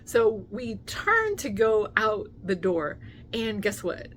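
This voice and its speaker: A woman vlogger telling a casual story time, animated and full of fillers, acting out what people said. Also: mid-range voice, slow pace, a little hiss or hum. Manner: animated storyteller, many fillers, acts out quotes.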